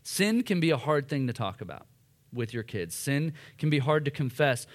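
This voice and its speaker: A man in his thirties preaching in church, telling a self-deprecating story in a casual, animated way. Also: on the high side. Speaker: pastor. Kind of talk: sermon with personal story. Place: church hall.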